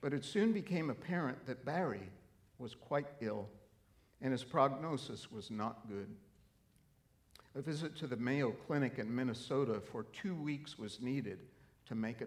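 A middle-aged man preaching a sermon, telling a story earnestly and then rising into emphatic, animated preaching. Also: mid-range voice. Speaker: pastor.

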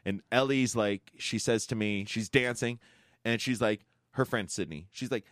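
A man in his forties from upstate New York, co-hosting a podcast in casual chat, animated and laughing often. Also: fairly low pitch, normal speed, no echo. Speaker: podcast co-host.

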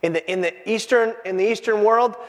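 A man's voice: high-pitched, brisk. A pastor preaching a sermon in a church, acting out the voices in the passage he reads. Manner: animated, acts out the quoted voices. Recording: hall reverb.

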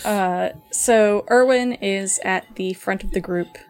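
A woman game master narrating a tabletop scene at a slow, unhurried pace. She rambles casually, leans on fillers and throws in a curse now and then, while soft music plays in the background. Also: mid-range voice. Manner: relaxed, rambling, full of fillers and swearing.

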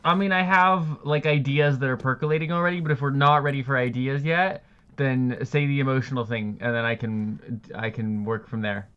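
Bright, smooth-voiced man, muffled audio. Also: mid-range voice, fairly even intonation, brisk. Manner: joking, wry asides. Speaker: podcast co-host. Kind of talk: casual chat.

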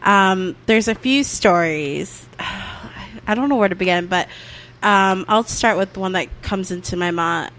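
A young woman co-hosting a podcast, telling lively family stories, laughing often and swearing casually. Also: mid-range voice, measured pace. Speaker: podcast co-host. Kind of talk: casual chat.

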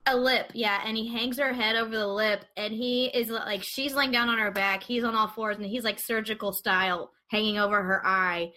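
Woman, bright voice, animated, podcast host, casual chat. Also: fairly high pitch. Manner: animated storytelling, quick asides.

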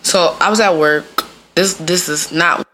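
A woman from the Midwest hosting a podcast in a casual comedic monologue, talking in an animated way and acting out the voices of the people she quotes. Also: lowish voice, a little slow, a little hiss or hum. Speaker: podcast host.

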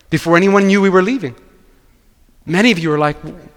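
High-voiced pastor preaching. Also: male voice, fast talker, big-room sound. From Quebec. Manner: animated storytelling, acting out dialogue. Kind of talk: sermon.

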